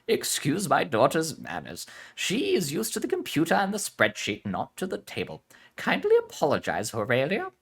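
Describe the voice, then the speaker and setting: A man voicing a playful, scheming middle-aged mother who drags her words out slowly as she bargains. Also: sits high, wildly swooping pitch, vocal fry, pitched above the performer's own voice, exaggerated voice. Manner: slow, drawn-out and teasing.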